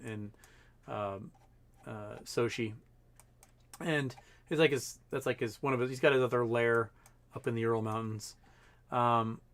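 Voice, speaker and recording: Casual male streamer, mid-pitched, rambling and filler-heavy, swears now and then. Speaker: livestream host. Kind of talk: casual livestream commentary.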